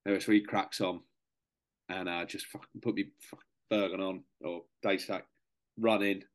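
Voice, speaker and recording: A young man with a very deep voice tells a story on a podcast. He is casual and matey, calls people "mate", and swears freely as he goes. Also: steady tone, normal speed. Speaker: podcast guest, serving soldier.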